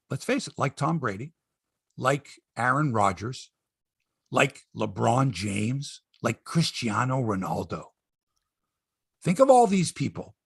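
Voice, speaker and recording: A man's voice: fairly high pitch, gravelly, fairly bright tone, breathy edge, dry recording, clean studio sound. A man hosting a sports podcast, ranting in casual chat, swearing and acting out quotes in voices.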